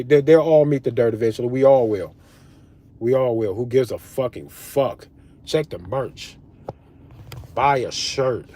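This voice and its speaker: A man's voice: mid-range voice, mellow. A man ranting straight at his viewers in a casual commentary, fired up and swearing freely. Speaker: political commentary vlogger.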